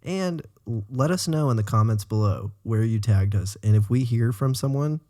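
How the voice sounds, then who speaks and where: A man's voice: medium pitch, lively intonation, moderate pace, mellow. A man co-hosting a casual podcast, bantering in an easygoing, joking way. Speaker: podcast co-host. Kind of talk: casual chat.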